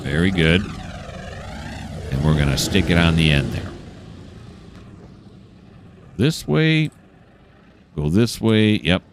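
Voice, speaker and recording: A low-voiced man rambles through a train simulator session, his pitch swinging widely as he thinks aloud and teases himself. Loud idling engine noise from the game runs under his voice. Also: lively intonation, slow pace, long pauses. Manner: thinks aloud, chatty and self-mocking. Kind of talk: casual gameplay commentary.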